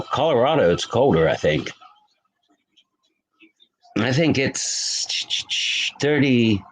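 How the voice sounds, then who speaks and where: A man hosts a late-night live stream from home, his voice sitting a little low. He chats loosely with frequent restarts, warmly calling out viewers in the chat by name. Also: rough recording. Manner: chatty, greets viewers by name, rambling with restarts. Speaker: livestream host. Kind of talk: casual live-stream chat reading comments.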